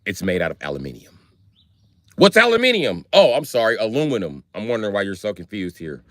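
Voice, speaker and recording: American man, American accent, profane live-stream rant, lively swinging pitch, dry close sound. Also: quick pace, dry recording. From United States. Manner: loud, swearing, animated ranting.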